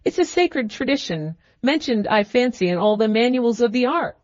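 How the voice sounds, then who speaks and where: A woman's voice: a little high, animated, moderate pace, no echo, muffled recording, close to an everyday voice. A woman voicing an irritable, proud young male student, with clipped, bitter speech. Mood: ironical.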